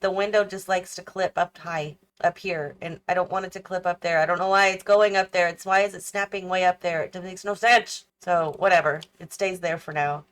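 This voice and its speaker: A woman's voice: lowish voice, fairly even intonation, brisk, few pauses, a bit bright. A tired, yawning woman chatting casually as she builds a house in a game, thinking aloud and questioning her own choices as she goes. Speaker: host of a gaming channel.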